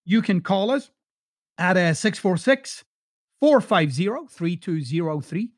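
A man with a softened Glasgow Scottish accent hosts a podcast, coaching listeners in a blunt, direct way and swearing freely. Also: sits high, expressive, moderate pace, dry recording, studio quality. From Scotland. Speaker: podcast host. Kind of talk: motivational podcast monologue.

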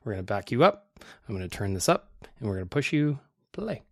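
A man's voice: on the low side, sing-song, a little fast, vocal fry, a bit bright, dry recording, clean studio sound. A man hosting a casual podcast, chatty and self-deprecating as he plays listener voicemails. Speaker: podcast host.

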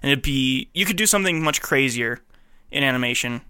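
A man co-hosting a podcast in casual chat, jokey and quick to laugh. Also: medium pitch, expressive, bright, forceful tone, smooth, dry recording, studio quality. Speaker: podcast co-host.

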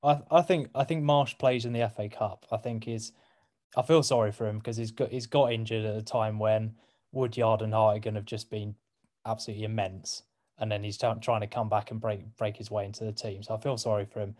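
Hesitant man trailing off quietly. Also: on the low side, fairly even intonation, a little fast. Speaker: guest fan. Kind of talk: casual football chat.

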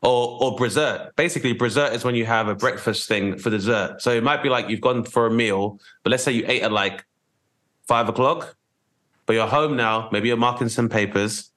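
A man's voice: medium pitch, brisk, fairly bright tone. A man hosting a comedy podcast, riffing in a loose, jokey, rambling way. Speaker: podcast host. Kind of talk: casual comedy podcast chat.

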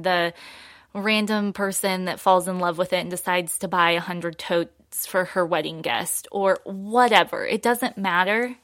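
A woman's voice: on the low side, a bit bright, dry recording, studio quality. A woman coaching in a casual monologue, chatty and emphatic, often laughing between points.

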